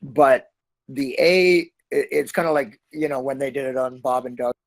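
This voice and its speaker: A middle-aged Canadian man, an actor being interviewed, talking in a rambling, animated way and slipping into other accents. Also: medium pitch, normal speed, gravelly, rough recording. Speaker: actor guest. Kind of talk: casual interview chat.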